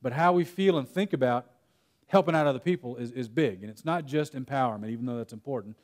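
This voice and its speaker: A man's voice: mid-range voice, quick pace, a little mellow. A young man from Texas giving a conference breakout talk, chatty and storytelling, breaking off his own sentences now and then. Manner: conversational, storytelling with self-interruptions and laughs. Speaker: workshop speaker. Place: conference room.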